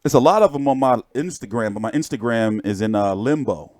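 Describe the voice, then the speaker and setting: A boxing channel host runs a casual livestream, rambling through pictures while telling profane jokes. His mid-range voice is expressive and darkish, he talks fairly quickly, and the recording is dry.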